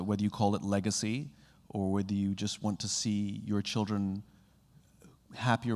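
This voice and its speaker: A man giving a motivational keynote talk to a live audience. He is animated and acts out little conversations, jumping up in pitch as he does. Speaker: keynote speaker. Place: conference hall with a live audience. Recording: long hall reverb.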